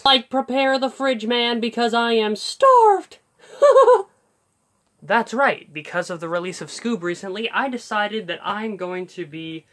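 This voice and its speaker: A man's voice: sits high, fairly bright tone. A man hosting a casual voice-impression tutorial, talking in a rambling way with fillers and restarts. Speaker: YouTube voice tutorial host.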